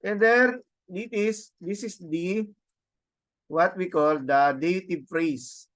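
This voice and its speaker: Slow high-voiced Filipino teacher. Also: male voice, fairly bright tone. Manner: halting, repeats words, tag questions "no?". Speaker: seminary Greek teacher. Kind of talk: classroom lecture.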